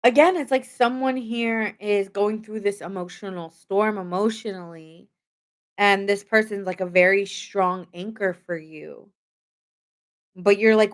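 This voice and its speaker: A woman's voice: mid-range voice, unhurried. Chatty woman giving a tarot reading. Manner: chatty, lots of "like" fillers, talks straight to viewers. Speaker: tarot reader. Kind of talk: casual live tarot reading.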